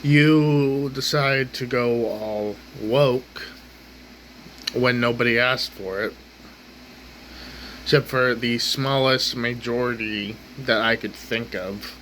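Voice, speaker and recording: Profane ranting man, slow drawn-out delivery. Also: medium pitch, fairly even intonation, fairly bright tone, slight background noise, poor audio. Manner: profane, exasperated, repeats himself. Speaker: ranting vlogger. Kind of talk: angry rant to camera. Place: home kitchen table, indoors.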